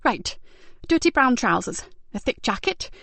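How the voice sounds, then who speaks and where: A woman doing a shaken young woman, pitched high. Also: big pitch swings, a little slow, creaky, pushed and bright, no echo, heavily acted. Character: frightened injured young woman victim. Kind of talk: audiobook character voice.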